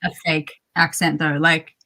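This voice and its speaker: Woman on a video call, lowish voice, laid back, reads out comments. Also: measured pace. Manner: relaxed, reads comments aloud. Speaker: teacher and booktuber. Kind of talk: casual chat.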